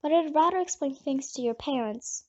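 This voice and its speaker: A calm, kindly woman doctor, as a female audiobook reader puts her on, soft and reassuring in her measured speech. The voice sits high for a woman, and the recording sounds a little dull and lo-fi. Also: close to an everyday voice. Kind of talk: audiobook character reading.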